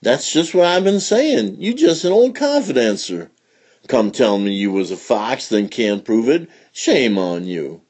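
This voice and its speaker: A sassy, clever little country girl, put on by a man reading a storybook aloud. She drawls in a high, husky voice that swings up and down. She sounds matter-of-fact and unbothered. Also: very animated, measured pace, darkish tone. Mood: scolding.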